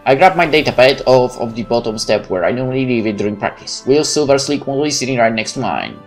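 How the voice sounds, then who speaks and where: A man narrating a visual novel, his voice lively and swinging through a wide range of pitch. He reads expressively with soft music playing underneath. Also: fast. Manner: expressive, candid. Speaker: let's play narrator. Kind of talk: reading a visual novel aloud.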